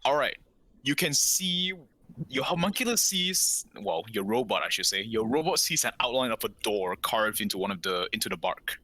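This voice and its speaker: A man's voice: on the low side, big pitch swings, normal speed, sharp tone, a little hiss or hum, rough recording. A man running a tabletop game as game master, patient and given to repeating reassurances. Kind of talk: narrating a tabletop game online.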